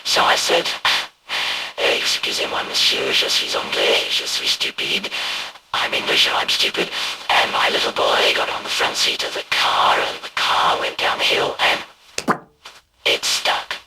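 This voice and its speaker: Monstrously deep, creaky animatronic narrator; lively delivery, noisy lo-fi take. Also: male voice, measured pace, heavily acted. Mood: rueful. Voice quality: extremely deep and gravelly. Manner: rambling anecdotal storytelling. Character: hulking gravelly animatronic storyteller. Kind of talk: fan voice acting of a poem. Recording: loud hiss and noise.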